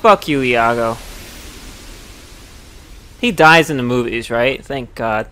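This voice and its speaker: A young man streaming a video game live, rambling casually between bouts of swearing and frustrated yelling. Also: medium pitch, slow pace, slight background noise. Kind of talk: live gameplay commentary.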